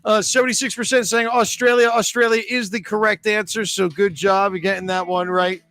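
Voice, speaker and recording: A man's voice: high-pitched, fairly even intonation, a little fast, sharp tone, no echo. A man with a New England accent hosting bar trivia, joking and chatty as he reads questions and scores. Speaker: trivia host.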